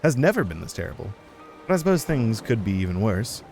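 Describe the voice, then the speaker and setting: A man's voice: fairly low pitch, big pitch swings, brisk, gravelly, a little mellow, faint music behind. A man reading as a gloomy lone harbor trader. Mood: resigned. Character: weary lone male harbor trader, resigned.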